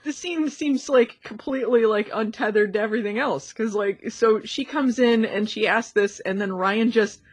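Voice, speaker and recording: A woman's voice: fairly high pitch, normal speed, few pauses, dry recording. A woman co-hosting a casual chat, blunt and sweary, laughing as she mocks the episode. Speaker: podcast co-host.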